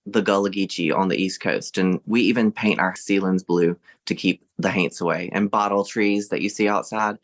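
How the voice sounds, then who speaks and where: A man's voice: low-pitched, fairly even intonation, normal speed, few pauses. A man from Mississippi with a mild Southern accent, chatting cheerfully as a podcast guest and laughing often. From Southern United States. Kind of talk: casual interview chat.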